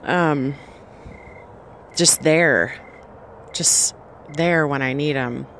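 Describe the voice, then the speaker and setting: A pregnant woman speaks slowly and earnestly, sharing a personal faith testimony to her viewers. Her telling rambles and restarts as she works through what happened. A faint hum of background noise sits behind her voice. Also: deep voice, a bit bright. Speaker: vlogger.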